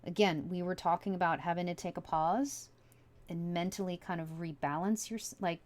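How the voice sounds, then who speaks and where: A woman's voice: on the low side, fairly even intonation, moderate pace, darkish tone. A woman giving a casual tarot reading from home, musing aloud as she turns over each card. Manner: chatty, musing aloud with many likes and you-knows. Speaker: tarot reader.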